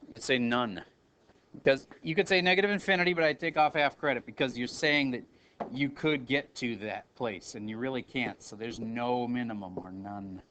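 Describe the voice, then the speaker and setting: A man's voice: mid-range voice, normal speed, a bit bright. A man teaching a math review lesson in a classroom, talking casually, correcting himself and calling on students. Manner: casual, self-correcting, calls on students by name.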